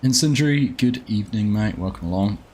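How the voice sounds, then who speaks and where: A man's voice: fairly low pitch, lively intonation, fairly quick, a little mellow, breathy edge. A man with an Australian accent, chatting casually with viewers as a live game streamer and greeting them by name. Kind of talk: casual live-stream chat while playing.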